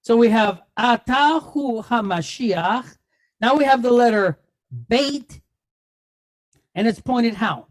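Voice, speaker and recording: Slow, patient woman teaching a class. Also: fairly high pitch, lively intonation. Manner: quizzes the class, tags lines with "right?"; patient, spells sounds out step by step. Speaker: Hebrew teacher. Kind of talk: classroom lesson.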